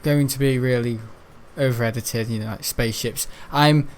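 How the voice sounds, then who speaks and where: A man's voice: medium pitch, steady tone, moderate pace. A teenage boy from the Wirral with a Merseyside accent, rambling on a live stream. He stumbles over his words with plenty of ums and restarts. A faint background hum sits under his voice. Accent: Merseyside English. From the Wirral, England. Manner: hesitant, many ums and restarts, chuckling. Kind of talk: rambling casual chat.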